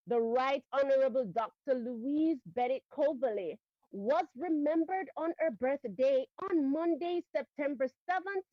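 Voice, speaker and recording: A woman's voice: high-pitched, no room sound, lo-fi sound. A Jamaican woman co-hosting a radio show, reading an entertainment news segment in an upbeat, polished broadcast manner. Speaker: radio co-host.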